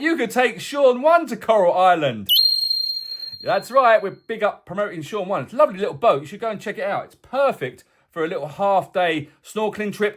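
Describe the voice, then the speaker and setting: A man with a slightly raised pitch talks through a weekly weather forecast in a loose, conversational way. He pitches boat tours as he goes and keeps dropping in jokey asides. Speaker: boat tour company presenter. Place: indoors, away from the tour base.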